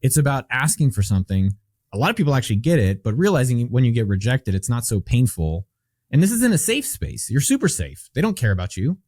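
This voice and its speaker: A man, a guest entrepreneur on an interview podcast, telling stories in an animated, emphatic way. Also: mid-range voice, fast, no echo, clean studio sound. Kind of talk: conversational interview.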